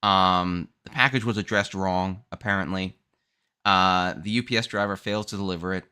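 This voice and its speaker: A man hosting a podcast, telling stories in a casual, animated, ranting way. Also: deep voice, moderate pace, smooth. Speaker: podcast host. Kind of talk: casual chat.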